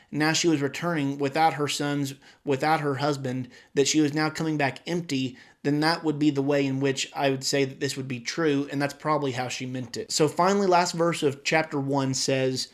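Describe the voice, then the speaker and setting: A man's voice: fairly high pitch, fairly even intonation, normal speed. A man teaching a Bible study lesson, explaining verses plainly and reading scripture aloud with emphasis.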